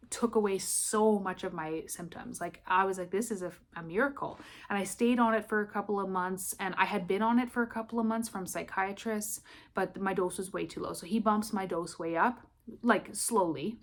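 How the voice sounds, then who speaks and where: A woman vlogging at home in her apartment, retelling a personal story in a candid, rambling way full of "I'm like" asides. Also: mid-range voice.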